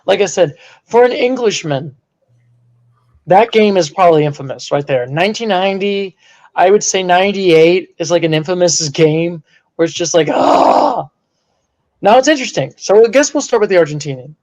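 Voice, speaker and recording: A man co-hosting a casual sports podcast, animated and prone to bursts of mock outrage. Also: high voice, a little fast. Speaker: podcast co-host.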